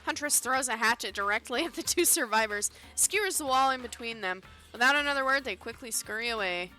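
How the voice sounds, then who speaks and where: A woman's voice: fairly high pitch, lively intonation, a little fast, few pauses, sharp tone, soft background music. A woman streamer reading a dating game aloud with dramatic, playful expression and frequent laughter.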